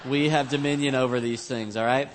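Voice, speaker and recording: A man's voice: medium pitch, steady tone, brisk, slight background noise. A man preaching in a church as pastor, telling a family story in a casual, joking, conversational way. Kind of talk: storytelling sermon.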